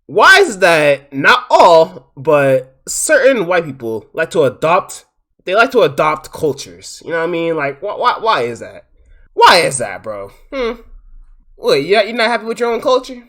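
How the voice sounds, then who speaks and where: Slightly high and very animated, this man speaks at an unhurried pace while live-streaming his reaction to a clip. His commentary is casual and profane, and he sounds exasperated, repeating himself and swinging between loud and soft.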